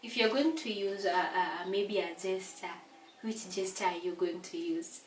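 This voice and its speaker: A woman with a Kenyan English accent teaching an exam revision lesson, explaining slowly and deliberately, with hesitations and repeated words. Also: mid-range voice, far from the mic, slight background noise. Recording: echoey room, voice away from mic.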